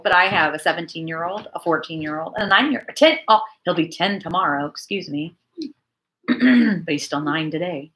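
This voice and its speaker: A woman in her forties hosts a casual church livestream chat, reading viewer comments and chatting in an animated way. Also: fairly low pitch.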